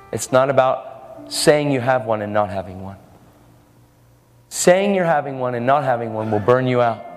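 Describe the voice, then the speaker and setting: A man delivers an earnest sermon, telling his story and slipping into the voices of the people in it. His mid-pitched voice rings out with a long hall reverb. Soft music sits faintly underneath. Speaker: preacher.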